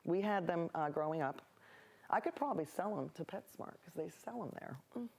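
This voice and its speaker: A woman's voice: on the low side, animated, brisk, vocal fry, slightly rough. A woman hosting a local TV painting show, chatting in rambling, cheerful tangents as she paints. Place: local access TV studio.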